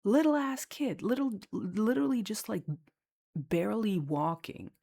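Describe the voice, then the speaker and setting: A woman's voice: medium pitch, big pitch swings, unhurried, creaky, warm tone. A woman who works as a lifeguard, chatting casually and candidly about her job, swearing freely and filling her talk with fillers. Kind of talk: casual storytelling chat.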